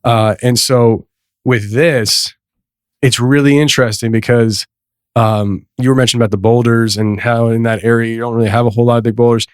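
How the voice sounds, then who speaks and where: A man's voice: mid-range voice, little pitch movement, brisk, smooth, dry recording, clean studio sound. A man hosting a podcast, telling a story in a loose, rambling way with many restarts and frequent laughs. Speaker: podcast host. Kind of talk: casual conversation.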